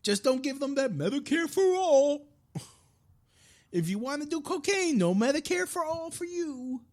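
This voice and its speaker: A man's voice: very high voice, lively intonation, moderate pace, darkish tone. A man hosting a live-streamed podcast, delivering a frustrated, profane political rant with frequent restarts. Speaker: podcast host.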